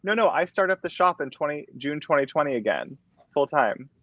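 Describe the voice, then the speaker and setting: A man hosts a relaxed online chat. His voice swings up and down and he laughs often. The sound is dull and dry, like a video call. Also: fairly high pitch, a little fast, no echo. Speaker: host.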